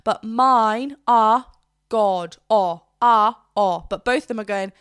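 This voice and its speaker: A woman's voice: fairly high pitch, takes it slowly, a bit bright, clear, resonant tone, dry recording, studio quality. A woman vocal coach reacting to a song, chatting about technique and breaking into short sung demonstrations. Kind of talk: reaction video with vocal analysis.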